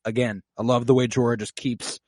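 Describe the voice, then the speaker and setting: A man's voice: mid-range voice, flat delivery, darkish tone, dry recording, studio quality. A man co-hosting a casual podcast, recapping scenes with lots of swearing and acted-out quotes. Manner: profane, recaps scenes acting out lines in quick voices. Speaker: podcast co-host. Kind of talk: casual rewatch podcast chat.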